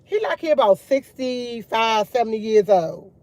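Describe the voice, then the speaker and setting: A young woman vlogging to her viewers, retelling a run-in in an animated, emphatic way with slang and swearing. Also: a little high, moderate pace, no echo. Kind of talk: casual storytelling chat.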